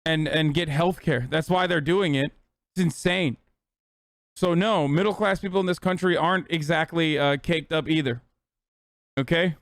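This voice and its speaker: A man in his thirties rants angrily into a close, dry mic, with a fairly high voice for a man. He swears constantly and pushes hard at his audience. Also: normal speed, fairly bright tone, dry recording. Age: 30s. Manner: angry, profane rant. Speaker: streamer. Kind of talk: heated political commentary.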